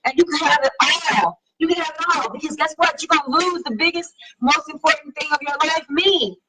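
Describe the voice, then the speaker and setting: A woman's voice: sits high, a little fast, far from the mic, heavy background noise. A woman hosting a casual live-stream talk show, reading viewer comments and talking in an emphatic, slangy, sassy way. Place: home live stream over wireless connection.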